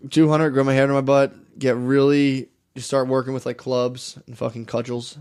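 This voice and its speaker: A man's voice: mid-range voice, flat delivery, normal speed, a little mellow, smooth. A man co-hosting a podcast in casual banter, rambling through stories with lots of swearing and trailing-off thoughts. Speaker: podcast co-host.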